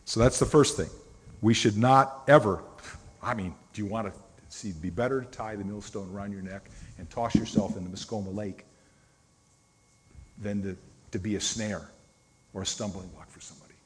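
A man's voice: on the low side, normal speed, pauses often, slight background noise. A middle-aged man preaching a sermon as a pastor, telling stories in a conversational way and stressing single words. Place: church sanctuary. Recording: long reverb of a church hall.

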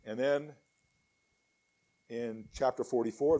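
A man's voice: mid-range voice, expressive, moderate pace. A middle-aged man preaching a sermon, reading scripture aloud with rising emphasis.

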